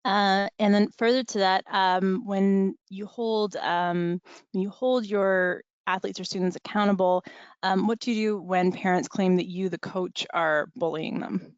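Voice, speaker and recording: A woman's voice: mid-range voice, steady tone, a little slow, clear, resonant tone, no echo, muffled recording. A woman moderating a webinar, reading out questions hesitantly with many fillers over a video call.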